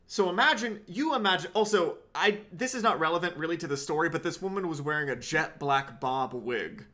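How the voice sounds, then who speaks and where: A man telling a comedic story in an animated, digressive and sardonic way. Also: fairly high pitch, fairly quick. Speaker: podcast comedian.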